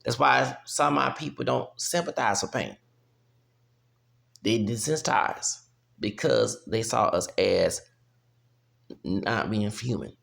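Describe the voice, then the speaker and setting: A man's voice: medium pitch, lively intonation, slow pace, gravelly, pauses often, a bit bright. A man, ranting heatedly and profanely in a vlog, often breaking off with "okay?". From United States. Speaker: vlogger. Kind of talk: heated opinion rant.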